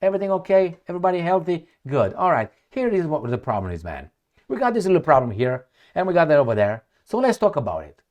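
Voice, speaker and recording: A man's voice: on the high side, sing-song, quick pace, darkish tone, lo-fi sound. A man briefly playing a friendly, easygoing male diplomat who chats with guests like old buddies. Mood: chummy. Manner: easygoing, buddy-like. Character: friendly laid-back male diplomat, chummy.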